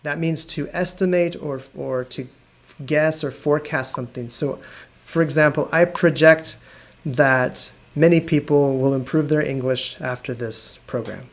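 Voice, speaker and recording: A man teaching an English lesson on a live video stream, explaining patiently and repeating words slowly. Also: fairly high pitch. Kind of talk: live online language lesson.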